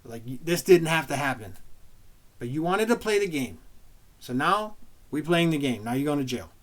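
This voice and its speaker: A man who is a former police officer breaks down bodycam footage in blunt, plain-spoken commentary. His voice sits a little higher than most men's, and he drops into street slang now and then. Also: sing-song, moderate pace.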